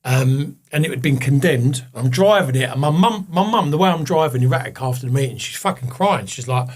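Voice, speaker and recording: A man with a husky, slightly higher voice tells a personal story in a candid chat. He swears freely and acts out the voices of the people in it. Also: lively intonation, normal speed. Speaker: guest.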